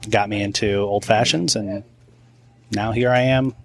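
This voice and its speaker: A man in his early thirties answers questions in a soft, unhurried manner. His voice sits somewhat low. He sounds relaxed as a guest at the event. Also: vocal fry. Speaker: guest, bourbon fan. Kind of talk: casual interview answers. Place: outdoor wine garden event.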